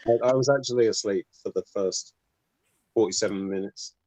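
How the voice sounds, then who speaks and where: A man hosting an online call, talking in a relaxed, thoughtful way with some hesitation. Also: lowish voice, moderate pace, no room sound, rough recording. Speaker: host of a modular synth stream. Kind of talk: casual technical chat.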